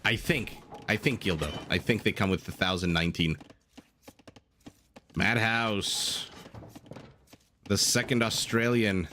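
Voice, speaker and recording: A man's voice: lowish voice, slow pace, pauses often, pushed and bright, slight background noise. A man commentating a strategy game live, chatty and joking with his chat between play-by-play. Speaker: game caster.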